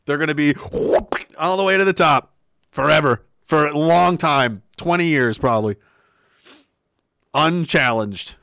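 A man with a voice on the high side, a little slow, gravelly and a bit bright, hosts a casual stream from a home webcam setup. He's crude, swears freely, laughs often and reads out viewers' messages. The recording is dry and studio quality.

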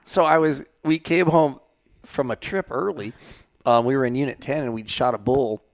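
A man with a mid-range voice at a moderate pace tells a long, rambling story on a podcast. He's a hunting guide who laughs often and is full of fillers and restarts.

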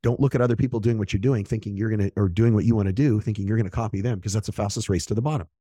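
A man hosting a solo podcast as a business coach, blunt and profane, who fires off motivational points and acts out what other people say in quick asides. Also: on the low side, dark tone, husky, no echo.

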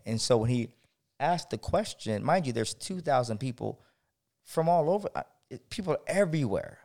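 A man co-hosting a podcast, telling a personal story in a lively, animated way with emphatic asides. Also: medium pitch, moderate pace, gravelly. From San Diego. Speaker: podcast co-host.

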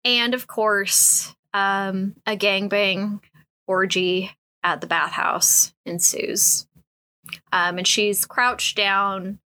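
A woman's voice: medium pitch, steady tone, drawn-out words, sharp tone. A woman hosting a casual comedic commentary, frank and crude, with lots of fillers.

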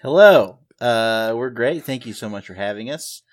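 A man's voice: medium pitch, a little fast. Man with an Appalachian drawl. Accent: Southern US Appalachian. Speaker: podcast co-host guest. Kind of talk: casual podcast chat.

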